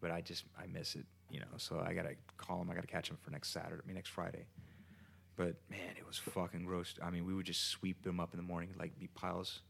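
A man's voice: deep voice, level tone, quick pace, gravelly, a bit bright, slightly rough. A man casually telling a rambling, profane story in his home kitchen, often restarting his sentences.

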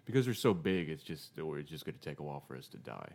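Man, very low voice, casual podcast chat, rambling, wry. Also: very animated, quick pace, creaky, a little mellow. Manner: rambling, restarts sentences, wry. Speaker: podcast co-host.

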